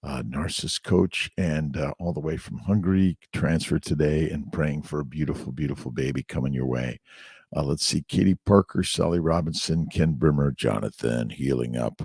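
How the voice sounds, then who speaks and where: A man's voice: rumbling low, normal speed, a little mellow, dry recording, studio quality. A middle-aged man hosting a casual morning livestream, greeting viewers by name with upbeat, repetitive affirmations. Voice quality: gravelly, husky voice.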